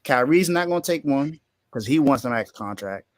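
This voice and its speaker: A man's voice: mid-range voice, animated, moderate pace, no room sound, studio quality. A man co-hosting a sports podcast who argues emphatically and often repeats his words. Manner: repeats himself, emphatic and incredulous. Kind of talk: casual sports talk.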